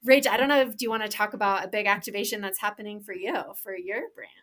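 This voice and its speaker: A woman's voice: medium pitch, steady tone, fast, fairly bright tone. A woman co-hosting a podcast in casual chat, enthusiastic and rambling, with lots of fillers and restarts. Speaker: podcast co-host and professional trail runner.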